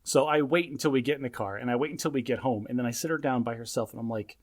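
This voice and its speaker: A man's voice: mid-range voice, rapid-fire. A man in his thirties co-hosting a casual podcast, telling a parenting story in an emphatic, lecturing way. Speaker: podcast co-host.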